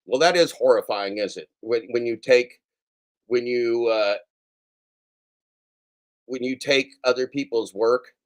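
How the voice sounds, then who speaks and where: A man hosting a daily show in a casual, profane rant, swinging between yelling and soft apologies. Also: medium pitch, a little slow, pauses often.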